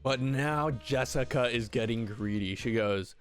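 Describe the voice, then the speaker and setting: A young man giving a comedic recap of an old TV episode, sarcastic and rambling, with sudden high-pitched outbursts. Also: a little slow, soft background music. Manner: sarcastic, rambling, jumps up in pitch when ranting. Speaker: video commentator.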